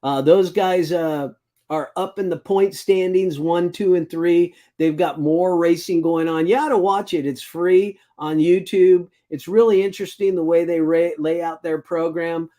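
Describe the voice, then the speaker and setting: A man's voice: fairly high pitch, steady tone, a little slow, dark tone. A man hosting a casual speedway news rundown, rambling and stumbling over foreign names as he goes. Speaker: show host.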